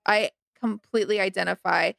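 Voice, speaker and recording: A woman's voice: medium pitch, fairly even intonation, brisk, gravelly, fairly bright tone, dry recording, studio quality. A woman in casual pop-culture chat, chatty and opinionated.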